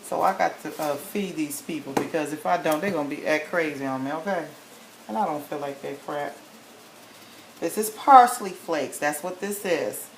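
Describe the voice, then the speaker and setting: This home cook has a low-pitched voice and speaks at a normal speed as she chats through a casual recipe demonstration, asking "okay?" again and again. The folksy session takes place in her home kitchen, which sounds echoey with faint noise.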